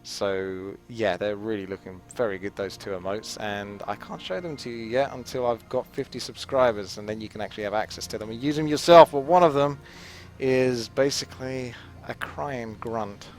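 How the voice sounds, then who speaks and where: Relaxed English esports caster. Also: male voice, on the low side, moderate pace, soft background music. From England. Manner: relaxed, chatty and rambling. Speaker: esports commentator. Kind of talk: live game commentary.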